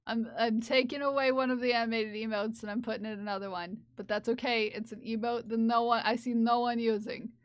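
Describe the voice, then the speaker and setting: A woman's voice: fairly high pitch, level tone, fairly quick, few pauses, no room sound. A woman live streamer chatting casually and playfully with her viewers, often giggling and teasing. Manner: playful, giggly, talks to chat. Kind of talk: casual livestream chat.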